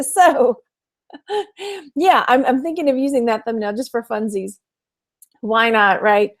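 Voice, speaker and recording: A woman's voice: a little high, takes it slowly, pauses often. A woman chatting casually on her livestream, greeting viewers by name and laughing often as she talks. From Texas. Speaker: online reseller and livestream host.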